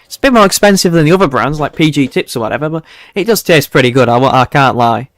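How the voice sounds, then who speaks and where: A man's voice: on the high side, lively intonation, fast, fairly bright tone, no echo. A young man hosting a casual livestream weather forecast, chatty and self-mocking, chuckling often as he talks to his viewers.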